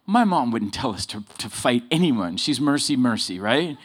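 A man preaching a sermon full of personal stories, swinging between loud emphasis and low asides. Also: sing-song, normal speed, few pauses, slightly rough. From Southern California.

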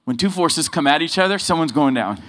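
A man preaching a sermon full of personal stories, swinging between loud emphasis and low asides. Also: animated, a little fast. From Southern California.

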